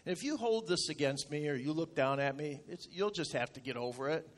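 A middle-aged male pastor telling a personal story in a sermon, in a folksy, self-deprecating way that gets animated as he retells his anger. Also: on the high side, a little fast. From rural upstate New York.

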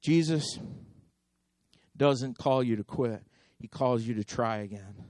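A man preaching a sermon as pastor, impassioned and repetitive, swinging between loud exhortation and hushed intensity. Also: mid-range voice, slow, no room sound, clean studio sound. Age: adult.

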